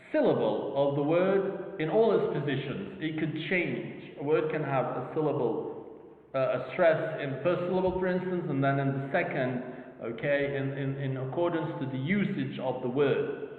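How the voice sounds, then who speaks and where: A man giving a slow, repetitive phonetics lecture, checking in with "okay?", speaking English as a non-native speaker. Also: fairly high pitch. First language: Arabic. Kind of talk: university lecture. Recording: tinny, echoey hall recording.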